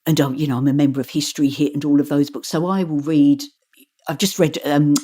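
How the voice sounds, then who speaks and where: Low-voiced lady narrator chatting away, lively, laughs a lot. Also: quick pace. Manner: chatty and animated, laughs often, demonstrates voices. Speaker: audiobook narrator. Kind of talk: casual interview chat.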